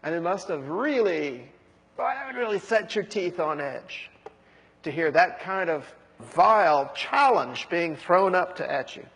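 A man preaching a sermon, who breaks into high, jeering voices when acting out mockers. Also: animated, unhurried, a bit bright, husky, in a large hall.

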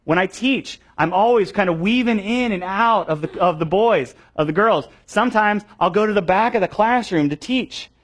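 A young man leading a training session for children's ministry teachers, animated and conversational, with many fillers and restarts. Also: high-pitched, normal speed, hardly any pauses, husky. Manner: acts out voices of students for effect.

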